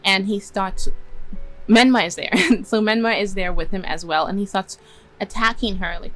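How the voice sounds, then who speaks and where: A woman's voice: mid-range voice, moderate pace, a bit bright, low-quality recording. A young woman casually retelling and reworking story scenes, chatty and laughing often as she acts out bits of dialogue. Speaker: story reviewer.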